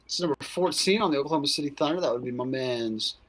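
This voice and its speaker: A man with a husky, bright, sharp-edged voice talks quickly as co-commentator. He jokes around in animated, casual banter about the game. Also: medium pitch. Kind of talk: casual sports chat.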